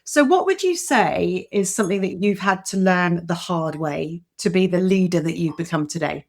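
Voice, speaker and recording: Low-voiced woman hosting a podcast interview. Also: expressive, normal speed. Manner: warm, chatty, with fillers and restarts. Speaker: podcast host.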